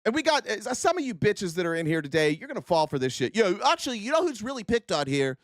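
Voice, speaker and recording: A man streaming unscripted political commentary, sarcastic and profane, swinging from low muttering to heated outbursts. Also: very animated, quick pace, dry recording, studio quality.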